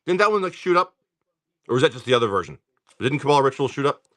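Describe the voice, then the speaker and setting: A man hosting a live card-break stream, just woken up and clearing his throat, chatting in a rambling way while rattling off card names. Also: medium pitch, sing-song, quick pace, a bit bright. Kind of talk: casual livestream chatter.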